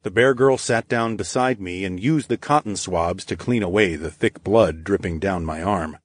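Guy reading an audiobook, lowish voice, steady, no room sound at all. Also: normal speed, no room sound, clean studio sound. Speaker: audiobook narrator. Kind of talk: first-person audiobook narration.

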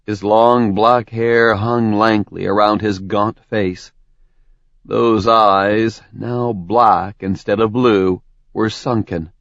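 Slow, low-voiced male narrator. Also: steady tone, fairly bright tone, no room sound, dull audio. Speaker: audiobook narrator. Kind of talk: scripted fantasy narration.

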